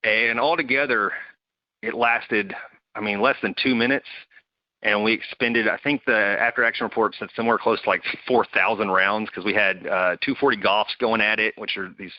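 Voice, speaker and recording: In a voice on the low side and at a normal pace, this former Marine relaxes into a story, bringing his buddies' quoted words to life with animated impressions. There's no room sound; the recording is dry, dull and close.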